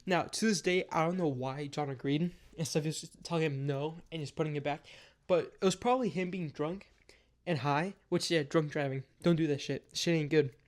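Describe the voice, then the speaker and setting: A man's voice: fairly high pitch, normal speed. A young man telling a casual, rambling story time with lots of filler words and swearing.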